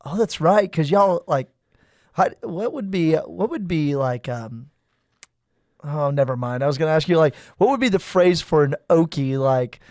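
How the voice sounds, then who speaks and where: Jokey rambling priest. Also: male voice, on the high side, normal speed, darkish tone, no echo, clean studio sound. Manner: jokey, rambling, stumbles and restarts often. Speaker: priest and podcast host. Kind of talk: casual podcast chat. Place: studio.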